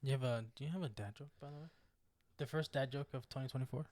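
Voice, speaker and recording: Fast-talking chatty young man. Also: medium pitch, a little mellow, no room sound. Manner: quick, chatty, stumbling restarts. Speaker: podcast co-host. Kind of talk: casual chat.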